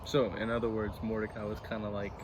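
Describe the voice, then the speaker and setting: This church channel co-host speaks quickly and flatly in a fairly low voice. He rambles through a casual outdoor Bible discussion by a road, frequently restarting and putting himself down, while faint traffic hums behind him.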